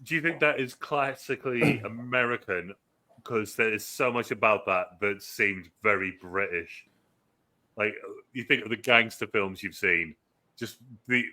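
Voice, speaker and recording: A man's voice: lowish voice, pushed and bright. A man co-hosting a film review chat, musing aloud with many restarts and casual swearing. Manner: halting, many restarts, profane. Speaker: film review podcast co-host.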